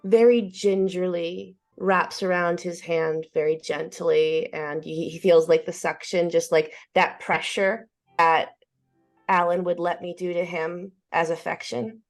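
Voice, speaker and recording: Soft-spoken woman player, low pitch. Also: steady tone, unhurried, soft background music. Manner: soft, earnest, with restarts. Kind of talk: in-character tabletop play.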